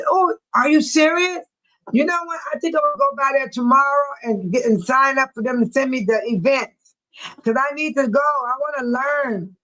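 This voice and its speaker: A woman hosts a casual livestream, chatting with her viewers in a high, somewhat bright voice over a rough recording. She's chatty, repeats herself, and laughs often.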